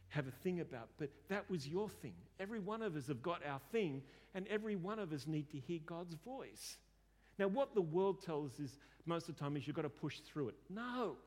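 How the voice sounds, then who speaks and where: A man preaching a sermon and telling a story conversationally, often repeating words as he starts a sentence. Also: high voice. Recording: long hall reverb.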